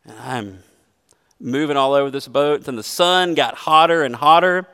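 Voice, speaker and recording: A man's voice: a little high, moderate pace, pushed and bright, clear, resonant tone, in a large hall. A man preaching a sermon as a pastor, earnest and emphatic, mixing scripture with a personal story.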